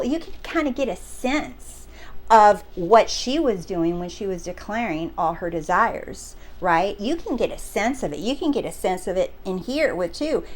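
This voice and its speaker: A woman hosting a motivational teaching talk, speaking emphatically and often asking the listener "do you see?". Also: medium pitch. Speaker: host.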